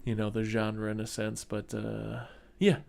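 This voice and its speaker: A low-voiced man talks through movies in a loose, rambling way, full of fillers and restarts. He sounds like a podcast host in easy, casual conversation. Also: monotone, unhurried, vocal fry, darkish tone, a little hiss or hum.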